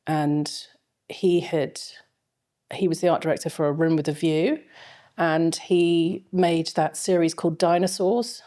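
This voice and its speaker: Low, mellow-voiced middle-aged woman. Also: fairly even intonation, unhurried. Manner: rambling anecdotal storytelling with frequent fillers. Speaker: fashion film lecturer, guest. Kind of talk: casual interview chat.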